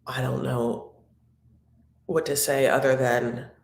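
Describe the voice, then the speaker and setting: A very deep female voice, slow and with little movement in pitch, carries this casual live recap stream. She reads out viewer comments and wanders fondly from topic to topic, all from a room at home that echoes noticeably.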